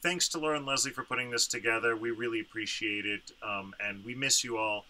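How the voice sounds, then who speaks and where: A man's voice: medium pitch, fairly quick, pushed and bright, low-quality recording. A man co-presenting his yarn business, throwing in joking asides with lots of uhs. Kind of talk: casual product presentation. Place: home studio, indoors.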